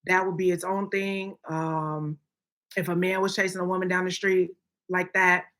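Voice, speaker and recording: Bright, emphatic woman co-host. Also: fairly low pitch, flat delivery, normal speed. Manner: emphatic, frequent "okay?" check-ins. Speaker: podcast co-host. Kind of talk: opinionated casual chat.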